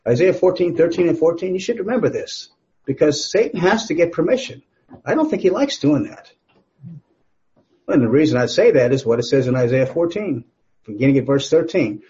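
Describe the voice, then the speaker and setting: A man's voice: a little high, animated, brisk, mellow, dull audio. A man preaching a Bible sermon in a conversational way, asking the listeners questions and making small jokes. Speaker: pastor.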